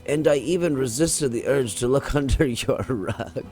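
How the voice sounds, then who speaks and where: Guy reading as a secretive agent, friendly and admiring, reads it out pretty plainly and trips over a word here and there, voice in a middle pitch. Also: normal speed, darkish tone, soft background music, close to an everyday voice. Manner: reads dialogue aloud with small stumbles.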